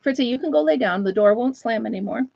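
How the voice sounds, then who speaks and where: Animated and fast, an older retired woman with a gravelly, somewhat high voice hosts a live knitting chat from home, rambling and laughing frequently. There is no echo, and the sound is dull, lo-fi, and dry.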